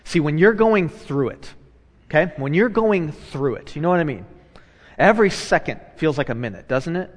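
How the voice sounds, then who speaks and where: A man, a pastor, preaching a sermon in a conversational way, moving between hushed and loud animated passages and repeating phrases for emphasis. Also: a little high, normal speed, long reverb tail.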